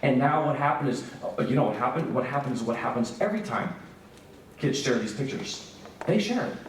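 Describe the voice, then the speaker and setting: A man speaking at a church breakout session in an earnest storytelling manner, turning quiet and grave for the hard parts. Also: mid-range voice, animated, fairly quick, a little hiss or hum. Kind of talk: earnest church seminar talk. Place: church hall. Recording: very echoey hall from far off.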